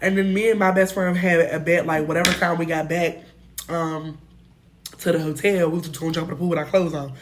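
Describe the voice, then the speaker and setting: A young woman telling a casual storytime, animated and slangy, swearing freely and jumping between loud bursts and muttered asides. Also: lowish voice, fairly quick. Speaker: storytime vlogger.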